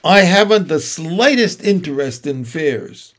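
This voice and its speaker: A man's voice: a little high, animated, unhurried, a bit bright. A man reading aloud and voicing a grumpy, greedy male rat who grumbles.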